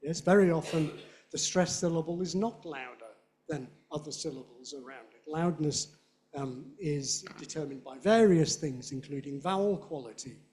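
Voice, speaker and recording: A middle-aged man with a Southern British accent giving a playful, animated lecture on phonetics and demonstrating sounds aloud. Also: on the high side, moderate pace. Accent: Southern British English. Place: lecture hall.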